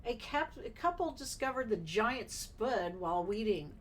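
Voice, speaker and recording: A woman's voice: fairly high pitch, very animated, normal speed. A woman co-hosting a podcast, reading out strange news stories and chatting casually. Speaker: podcast co-host.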